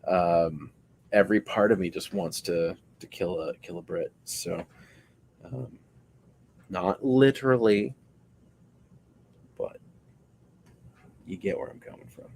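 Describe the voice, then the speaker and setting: A man with a low voice and a gravelly texture talks casually as he builds a puppet on a stream. He rambles and cracks jokes between answers to viewers. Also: slow pace, long pauses, darkish tone, a little hiss or hum, rough recording. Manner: rambling, joking, answering chat. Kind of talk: casual chat while crafting.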